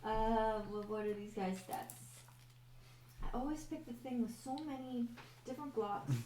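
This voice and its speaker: A woman's voice: on the high side, steady tone, moderate pace, mellow. A woman running a tabletop game as dungeon master, narrating in an easygoing way and laughing often. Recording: echoey room with background noise.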